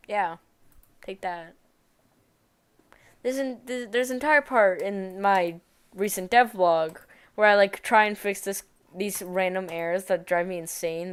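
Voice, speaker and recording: A woman's voice: mid-range voice, smooth. A woman game developer on a live stream, chatting casually as she codes, muttering questions at her code and teasing herself. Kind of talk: casual live-stream chat while coding.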